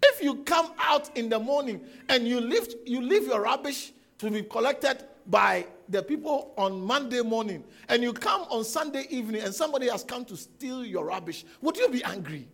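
Pastor, male, high lively voice, repeats and questions the congregation in a sermon. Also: normal speed, hardly any pauses. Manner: emphatic, repeats phrases and asks rhetorical questions. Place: church service before a congregation.

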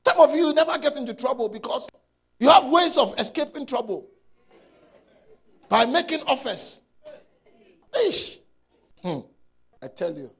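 A male pastor preaching with a strikingly high, gravelly voice that has a husky edge. He repeats lines for emphasis and swings from shouts to quiet murmurs. His pitch rises and falls in wide, animated arcs. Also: measured pace, pauses often. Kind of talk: sermon.

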